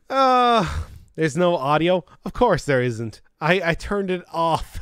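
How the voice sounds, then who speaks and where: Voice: medium pitch, very animated, slow pace, a bit bright, no echo, clean studio sound. A live-streamer chatting casually, grumbling in exasperation, cursing, and laughing often. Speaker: livestreamer.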